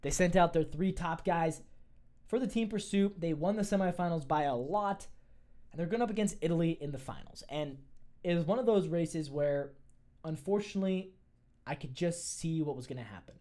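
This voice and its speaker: Chatty sports pod host, fired up and opinionated, trips over words when excited, middle pitch. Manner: excitable, opinionated, talks in quick bursts with restarts. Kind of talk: casual sports commentary.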